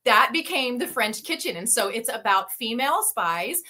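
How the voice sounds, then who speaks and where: A woman author chatting warmly about her work, with a bright, slightly high voice that breaks into laughs often. She talks with eager enthusiasm, and the sound comes over a video call. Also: very animated, normal speed. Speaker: guest author. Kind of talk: casual interview chat.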